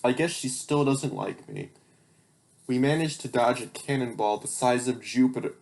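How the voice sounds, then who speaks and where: A man's voice: mid-range voice, moderate pace, vocal fry, a little mellow. A young man reading his childhood stories aloud, breaking off for incredulous, sarcastic, swearing asides. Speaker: channel host.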